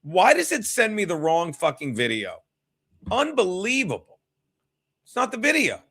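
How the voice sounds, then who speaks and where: A man talks loosely on a home livestream, cursing often and drifting from thought to thought. His voice sits fairly high for a man, and he speaks straight to the chat. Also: huge pitch swings, normal speed, creaky, a bit bright. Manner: profane, rambling, chats with viewers. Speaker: comedian hosting a livestream. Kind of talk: casual solo livestream chat.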